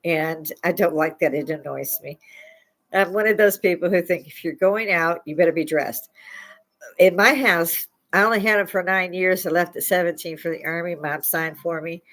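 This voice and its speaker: An older woman from Chicago, USA, hosts a live stream, telling rambling stories into a lapel mic in casual chat and often laughing mid-sentence. Her voice is on the low side and fairly bright, at a normal speed.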